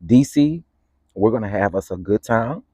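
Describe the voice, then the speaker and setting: A man chatting on a casual morning livestream, greeting his viewers one by one in a playful, sing-song way. His voice sits low and warm. The sound is dry and close. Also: animated, normal speed, no room sound. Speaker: livestream host. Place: outdoors in the morning.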